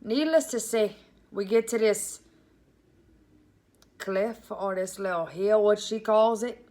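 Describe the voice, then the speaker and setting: Speaking slowly in a medium pitch, a woman with a Cajun Louisiana accent tells a comic story in a casual, animated way and addresses her listeners as "y'all."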